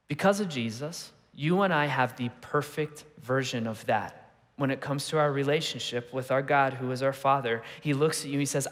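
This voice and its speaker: Pastor preaching with hall reverb. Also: male voice, a little high, fairly bright tone. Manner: conversational storytelling with rhetorical questions. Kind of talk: sermon. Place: church auditorium.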